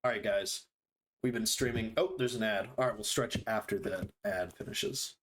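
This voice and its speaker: A man's voice: on the low side, moderate pace, fairly bright tone. A man streaming himself playing a building game, chatting casually to viewers as he plays. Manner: chatty, talks to chat while building. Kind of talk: casual live-stream gameplay commentary.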